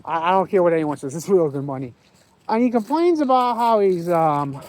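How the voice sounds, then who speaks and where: Blunt high-voiced man rambling outdoors. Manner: blunt, profane, rambling with restarts. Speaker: vlogger. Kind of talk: casual rambling vlog talk. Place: outdoors at a windy park, walking a dog. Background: wind and faint outdoor noise.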